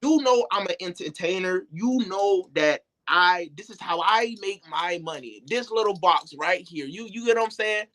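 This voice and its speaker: High-voiced young man, slangy and animated. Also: moderate pace, few pauses. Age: young adult. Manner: loose, animated, slangy storytelling. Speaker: singer, interview guest. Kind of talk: casual interview talk.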